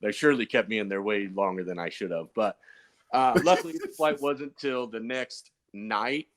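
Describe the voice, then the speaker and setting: A man's voice: on the low side, normal speed. A man, a pro BMX racer guest on a podcast, telling stories in a loose, rambling way full of fillers and restarts. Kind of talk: casual podcast storytelling.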